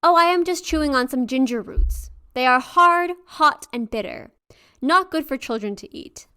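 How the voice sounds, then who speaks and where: A cunning old she-tiger disguised as a great aunt, as a woman storyteller puts her on. Her words come out coaxing and sugary, a folktale villain trying to soothe children. The voice sits a touch high and light. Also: lively intonation, moderate pace, sharp tone. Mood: evasive. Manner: coaxing, falsely sweet. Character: sly old female tiger spirit posing as an aunt.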